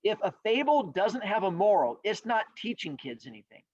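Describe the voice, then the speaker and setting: A man teaching a class, animated and joking as he talks straight to his students. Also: high-pitched, moderate pace, no room sound. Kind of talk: recorded classroom lecture. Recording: dull lo-fi sound.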